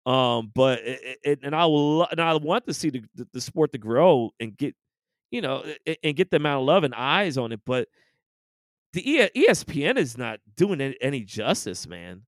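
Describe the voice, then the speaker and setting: A man's voice: medium pitch, sing-song, normal speed, no room sound, clean studio sound. A man co-hosting a podcast, ranting in casual, profane sports chat. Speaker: podcast co-host.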